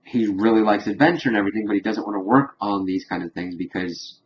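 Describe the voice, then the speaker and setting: A man's voice: fairly low pitch, steady tone, quick pace, highs cut off, slight background noise. A man casually recapping a TV episode in a rambling way, saying "like" constantly. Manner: rambling, heavy use of "like". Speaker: TV episode reviewer.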